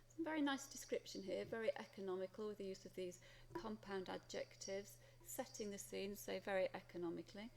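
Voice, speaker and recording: Welsh English teacher, gravelly voice, noisy recording. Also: female voice, mid-range voice, brisk, few pauses, darkish tone. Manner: reads student text aloud then comments. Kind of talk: marking a student essay aloud.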